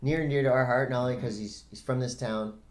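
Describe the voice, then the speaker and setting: A man's voice: mid-range voice, fairly even intonation, quick pace. A middle-aged man co-hosting a casual podcast, loose and rambling, laughing often. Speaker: podcast co-host. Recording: roomy echo.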